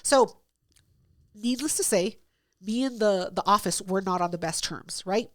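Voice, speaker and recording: A woman's voice: medium pitch, measured pace, no room sound, clean studio sound. A woman co-hosting a podcast, telling a story in a blunt, profane, casual way. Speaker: podcast co-host.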